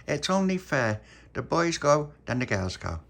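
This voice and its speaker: A man voicing an excitable, nervous young girl who talks breathlessly and dramatically. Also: a little high, unhurried, creaky, pitched above the performer's own voice, full character voice. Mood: dramatic.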